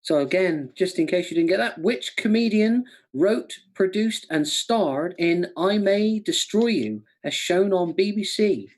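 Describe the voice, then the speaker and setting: A man co-hosting a casual online quiz from home, chatty and jokey, reading each question slowly and repeating it. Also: high voice, lively intonation, darkish tone. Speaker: quiz co-host. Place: home room by a window.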